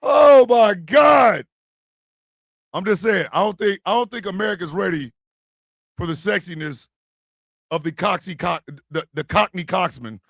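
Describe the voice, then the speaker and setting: A man hosting a podcast, loudly joking and bursting into song and laughter. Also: high voice, normal speed, creaky, no echo. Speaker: podcast host. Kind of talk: rowdy comedic podcast banter.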